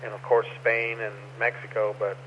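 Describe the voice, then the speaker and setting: A man's voice: fairly low pitch, level tone, moderate pace. Easygoing man on muffled radio. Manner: easygoing, matter-of-fact. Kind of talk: casual radio chat. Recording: muffled radio with faint noise.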